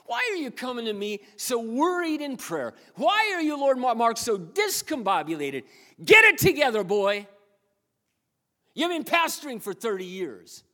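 A man's voice: extremely high pitch, big pitch swings, normal speed, pushed and bright, voice pushed up, full character voice. A man voicing God as a fatherly male figure who chides a worried believer by name. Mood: chiding. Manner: chiding, repeating the listener's name. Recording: long hall reverb.

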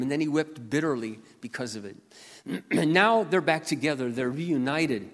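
A man preaching a sermon to his church, earnest and personal, clearing his throat often and building to forceful emphasis. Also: mid-range voice. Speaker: pastor. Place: church sanctuary. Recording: long hall reverb.

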